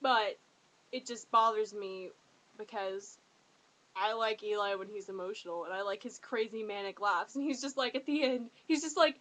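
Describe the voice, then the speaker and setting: A woman talking in a casual fan review vlog, excitable and gushing, rambling from one thought to the next. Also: medium pitch, moderate pace, low-quality recording.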